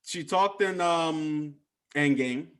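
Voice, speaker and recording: A man co-hosting a podcast in relaxed casual chat, often trailing off and searching for his words. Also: fairly high pitch, takes it slowly. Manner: relaxed, loses his train of thought, trails off softly. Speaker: podcast co-host.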